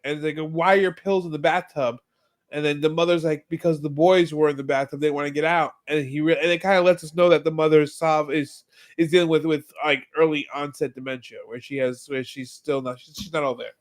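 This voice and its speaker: Man, fairly high voice, lively storyteller, casual podcast recap. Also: fairly quick. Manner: animated storytelling, acts out lines. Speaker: podcast co-host. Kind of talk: casual chat recapping a TV episode.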